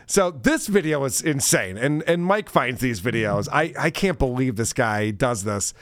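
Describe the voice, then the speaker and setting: A man's voice: mid-range voice, animated, measured pace, a bit bright, dry recording. A man co-hosting a podcast, chatting casually and mockingly about video clips, laughing often. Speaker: podcast co-host.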